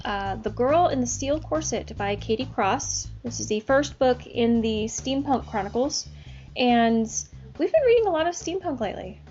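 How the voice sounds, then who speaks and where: A woman's voice: a little high, expressive, normal speed, a little mellow, soft background music. A woman co-hosting a book podcast, chatting casually with frequent fillers. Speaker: podcast co-host. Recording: dull lo-fi audio.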